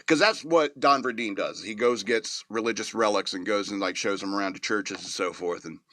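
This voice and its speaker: A man's voice: lowish voice, a little slow, long pauses, pushed and bright, dry recording, clean studio sound. A man hosting a show, giving a casual, rambling movie review with many fillers and chuckles. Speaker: podcast host reviewing a movie.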